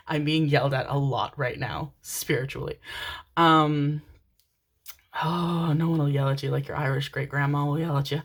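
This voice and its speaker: A woman's voice: low voice, steady tone, normal speed. A woman giving a casual pick-a-card tarot reading, chatty and rambling, often breaking into laughter.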